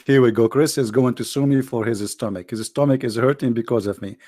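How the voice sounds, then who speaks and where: A man's voice: mid-range voice, a little fast, warm tone. A man hosting a live call-in debate show, mocking and stammering often as he talks.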